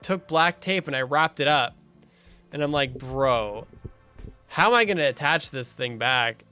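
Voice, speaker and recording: A young man chats loosely on his stream, swearing freely and laughing between stories. His voice sits a bit high and sounds bright and forward. Soft music plays behind him. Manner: laid-back, swears, laughs often, reads chat aloud. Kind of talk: casual stream chat.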